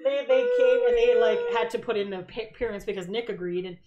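A woman's voice: on the high side, fairly quick, highs cut off. A woman co-hosting a podcast, chatty and casual, swearing now and then. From Canada. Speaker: podcast co-host. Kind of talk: casual chat.

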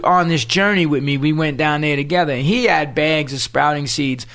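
A man's voice: a little high, vocal fry, a bit bright. A man, a guest telling a story in casual conversation, streetwise and full of cursing, acting out the people he quotes. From New York City.

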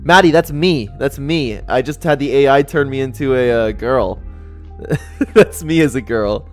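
A man's voice: medium pitch, unhurried, faint music behind. Laid-back male gaming streamer. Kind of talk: casual stream chatter.

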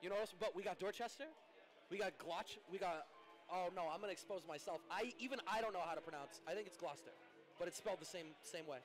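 Fast-talking high-voiced man commentator. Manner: quick, teasing, explains local pronunciations. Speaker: fighting game tournament commentator. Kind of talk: casual stream commentary chat. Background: background music.

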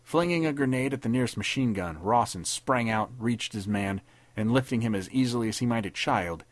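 A man narrating a pulp war story as a podcast reader, in a steady dramatic reading. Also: mid-range voice, fairly quick, no echo.

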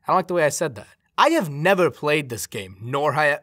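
A man's voice: a little high, sing-song, measured pace, long pauses, a bit bright, no echo. A young man narrating a scripted comedic video game review in a dry, sarcastic, self-deprecating way.

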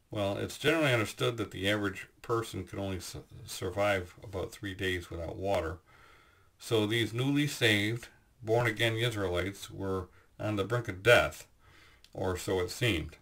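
A man giving a Bible teaching, explaining scripture in a measured way with frequent pauses and fillers. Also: lowish voice, a bit bright.

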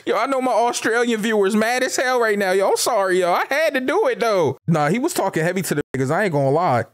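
Young man, casual recap host, high voice, lively, slangy. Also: quick pace, few pauses, no echo, faint music behind. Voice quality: animated, profane, slangy. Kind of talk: casual commentary.

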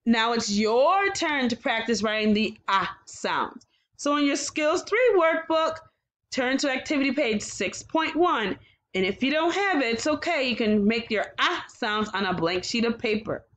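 A woman teaching a kindergarten phonics lesson in a bright, fairly high voice. She talks slowly and patiently, stretching out the sounds of letters. Her tone is encouraging and full of praise for the children. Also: animated.

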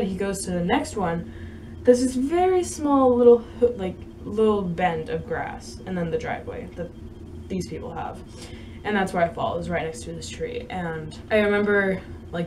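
A young woman talks straight to her camera, winding through a story with lots of ums and little laughs. Her voice sits fairly low for a woman, and there's a faint hiss under it. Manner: rambling, halting, with many fillers and soft laughs. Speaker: vlogger and horse rider.

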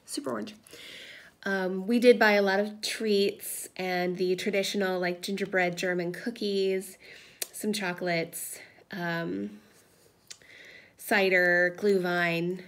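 A woman in her thirties chatting casually with lots of fillers as she tells stories during a crafting vlog at home. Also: on the low side. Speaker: crafting vlogger. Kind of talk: casual chat while crafting. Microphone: camera propped on a table.

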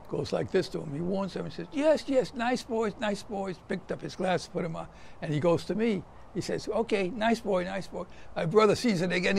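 Older man, testimony, gravelly, somewhat high-pitched, faint hiss behind. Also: darkish tone. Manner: vivid storyteller, acts out quoted voices. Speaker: Holocaust survivor giving testimony. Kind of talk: spoken testimony, storytelling.

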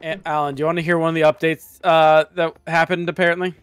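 A man chatting while playing a co-op game, hesitant, with many pauses and fillers. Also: a little high, flat delivery, a bit bright, clear, resonant tone, no echo, faint music behind. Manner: hesitant, full of "uh", dry. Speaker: game co-player. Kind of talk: casual gaming chat.

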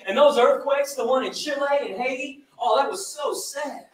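A man's voice: very high voice, normal speed. A man giving a public lecture in a blunt, sardonic manner, recorded from a distance. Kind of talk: public speech. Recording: echoey hall, recorded from a distance.

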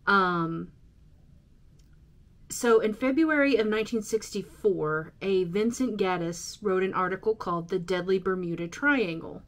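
Slow, hesitant woman podcaster. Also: medium pitch. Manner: hesitant, many ums and uhs. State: out of breath. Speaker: podcast host. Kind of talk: casual solo podcast reading from notes.

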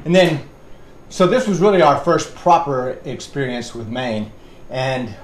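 A man's voice: mid-range voice, lively intonation, measured pace. A middle-aged man, a fitness instructor rambling and counting reps as he leads a workout class. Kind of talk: leading a workout class with chat. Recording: echoey room with background noise.

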